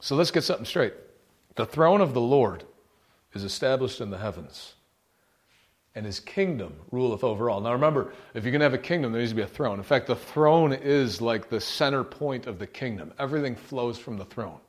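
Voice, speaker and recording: A man preaching a sermon, rebuking forcefully and reading scripture with emphasis. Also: medium pitch, animated, fairly quick.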